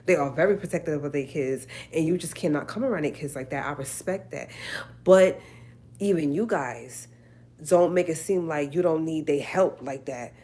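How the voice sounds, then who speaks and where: A woman's voice: sits low, moderate pace, dark tone. A woman hosting a live stream, talking emphatically to viewers and repeating her points. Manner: emphatic, preachy, repeats herself. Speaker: livestream host.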